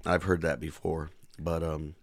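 A man co-hosting a casual podcast, relaxed and plugging a community event. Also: extremely low pitch, unhurried, no echo. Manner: relaxed, promoting a community event, many fillers. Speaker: podcast co-host. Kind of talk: casual chat.

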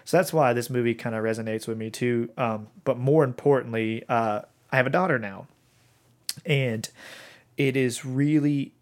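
A man in his thirties co-hosting a podcast, chatting casually and rambling with lots of fillers and restarts. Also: medium pitch. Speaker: podcast co-host.

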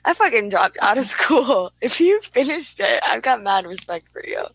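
A woman's voice: on the high side, big pitch swings, moderate pace, gravelly, a bit bright, a little hiss or hum. A woman filling in as co-host, talking emphatically and swearing casually. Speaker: guest co-host. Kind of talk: casual chat.

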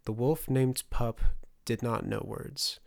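A man narrating a fantasy audiobook in a steady storytelling delivery. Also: medium pitch, slow, vocal fry.

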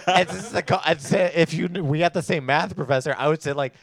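A man's voice: fairly high pitch, fast, gravelly. A young man, a podcast co-host, rambling and laughing through casual chat with lots of filler words. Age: young adult.

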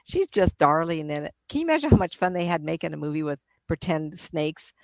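A woman's voice: sits low, lively intonation, a little fast, creaky, no echo. A middle-aged woman, a psychic medium, chatting in an interview and acting out spirits with gasps and laughs. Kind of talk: casual interview talk.

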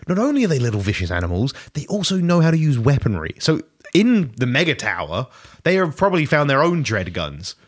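Male podcast co-host, casual and argumentative, very animated pitch. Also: a little fast. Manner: argumentative, keeps raising objections. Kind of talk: casual banter.

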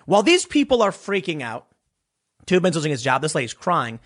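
A man's voice: fairly high pitch, very animated, a little fast. A man ranting as a political commentator, sarcastic, dismissive and blunt. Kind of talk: casual opinion rant.

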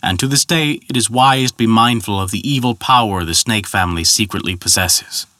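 Bright-voiced male storyteller. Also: fairly low pitch, no echo, studio quality. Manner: measured, even storytelling. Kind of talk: scripted storytelling narration.

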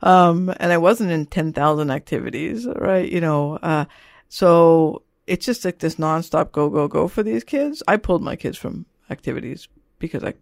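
A woman's voice: sits low, normal speed, vocal fry, no room sound. Chatty middle-aged mother, dry sound. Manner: rambling, frequent "you know" and "right?". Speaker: author and parent. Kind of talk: casual interview conversation.

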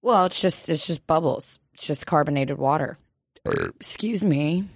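A woman's voice: low-pitched, a little slow, slightly rough, no echo, studio quality. A woman chatting casually and comedically, laughing often and swearing freely. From Russian family background.

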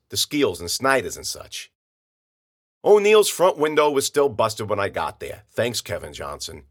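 A man narrates a gritty first-person tale in slangy, rough-grammared speech. His voice is bright and forward. He rides wide, animated pitch swings through the telling. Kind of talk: hard-boiled first-person story narration.

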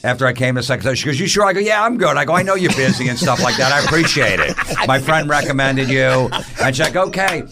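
A man tells a crude, laid-back story in casual podcast banter. His voice sits at an ordinary male pitch. A clear hiss of noise runs under the recording. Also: quick pace, hardly any pauses. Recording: noisy recording.

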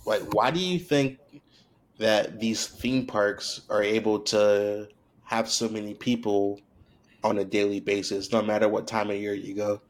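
A man's voice: on the low side, fairly even intonation, measured pace, slight background noise. A man co-hosting a podcast in casual chat, teasing and playful, often laughing. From not from the local area. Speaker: podcast co-host.

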